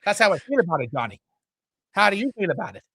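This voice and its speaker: A man's voice: high voice, sing-song, fast, bright, forceful tone, slightly rough, heavily acted. A man putting on a boastful, swearing Irish football manager with a put-on Irish accent, rambling in comic banter. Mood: cocky. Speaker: co-host. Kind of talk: comedic impression in podcast banter.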